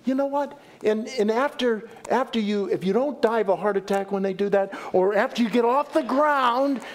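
A middle-aged man preaching a sermon as pastor, animated and folksy, with joking asides and repeated phrases. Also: high-pitched, normal speed, slight background noise.

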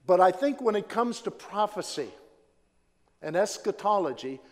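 A man preaching a sermon as pastor, swinging from loud emphatic declarations to hushed low phrases, with repeated phrases and a measured delivery. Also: lively intonation. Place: church sanctuary. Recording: long hall reverb.

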